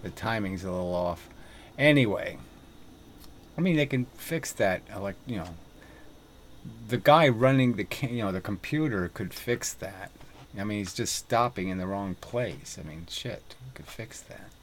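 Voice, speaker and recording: A man's voice: fairly low pitch, animated, moderate pace. A man vlogging in a rambling, profane monologue full of fillers and laughing asides, recorded by a camera mic outdoors on a windy day by the water.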